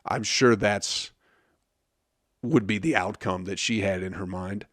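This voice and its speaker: A man's voice: fairly low pitch, unhurried, fairly bright tone, no echo, studio quality. A man hosting his own podcast, telling a comedic story in a profane, rambling way and laughing at his own jokes. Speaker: podcast host. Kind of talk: casual comedic monologue.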